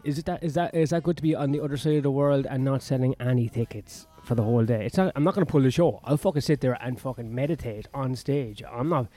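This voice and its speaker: A man's voice: medium pitch, warm tone. A man ranting in a sweary, sardonic, rambling monologue as a comedian vlogging on his own.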